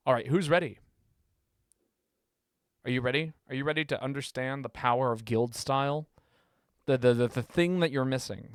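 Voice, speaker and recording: A man live-streaming a game, talking casually and playfully, often stumbling and repeating words when excited. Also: medium pitch.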